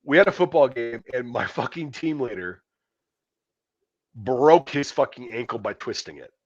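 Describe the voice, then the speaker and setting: A man's voice: mid-range voice, moderate pace, no room sound. Man, middle-aged, profane and blunt, casual storytelling, dry dull lo-fi sound. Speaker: podcast host. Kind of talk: casual chat.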